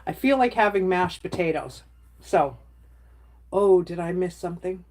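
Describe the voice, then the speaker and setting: A woman's voice: lowish voice, animated, unhurried, darkish tone. Middle-aged woman, casual livestream chat, rambling and chatty, webcam sound. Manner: rambling, chatty, reads out viewer comments. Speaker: livestream host chatting with viewers.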